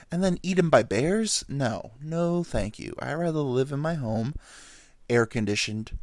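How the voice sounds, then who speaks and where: Casting note: lively-voiced man in his thirties, rambling crude storyteller, close dry sound. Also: mid-range voice, a little slow, dry recording. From New York. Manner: rambling, animated, crude humor, jumps into silly voices. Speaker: vlogger. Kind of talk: casual storytelling monologue.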